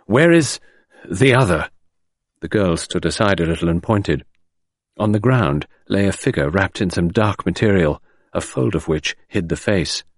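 A man reading an audiobook narration in a measured, expressive way. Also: sits low, no room sound, studio quality.

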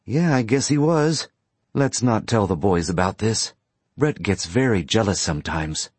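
A man's voice: lowish voice, animated, a little slow, a little mellow, slightly rough, no room sound, voice pushed up. A man voicing a blunt, wary young woman.

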